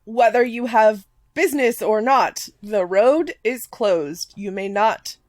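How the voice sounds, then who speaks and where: A stern male royal guard in a tabletop game who holds to his orders, voiced by a woman. He speaks in a flat, firm tone with a fairly high pitch. The sound is dry and close. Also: slow pace, no room sound.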